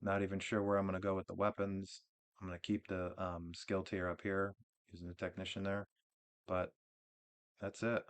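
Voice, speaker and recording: Male gaming host, low voice, relaxed rambling walkthrough, off-the-cuff delivery. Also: normal speed. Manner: relaxed, rambling, with frequent restarts and fillers. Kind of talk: casual game build walkthrough.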